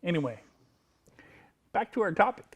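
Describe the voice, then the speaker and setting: A man's voice: high voice, big pitch swings, normal speed, slightly rough. A man from the United States co-hosting a podcast, laid-back and laughing often in casual comedic chat. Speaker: podcast co-host.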